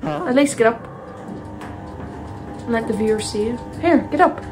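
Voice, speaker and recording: Young woman, gaming commentary, jokey and chatty, somewhat high voice, game music underneath. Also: expressive, normal speed, poor audio. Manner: chatty, jokey, talks to herself and her pet. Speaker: gaming youtuber. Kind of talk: casual let's play commentary.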